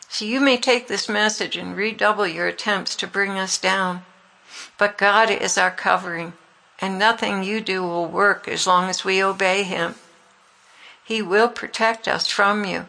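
Woman, ministry leader, sermon-like message, earnest, pleading, vocal fry. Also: medium pitch, fairly even intonation, unhurried, bright, forceful tone, rough recording.

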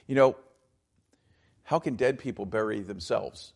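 Gravelly-voiced male pastor preaching. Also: mid-range voice, unhurried. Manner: expository preaching with emphatic, dramatized quotes. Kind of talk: sermon.

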